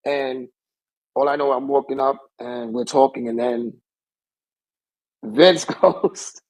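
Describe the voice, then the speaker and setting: A man's voice: medium pitch, slow pace, darkish tone, low-quality recording. A young man, a pro wrestler guest, telling a rambling story in casual talk and circling back with the same stock phrase.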